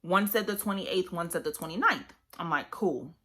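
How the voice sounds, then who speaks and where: A young woman telling a story to her vlog viewers in casual, animated chat full of fillers. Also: fairly low pitch, normal speed. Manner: animated, chatty, many fillers. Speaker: vlogger.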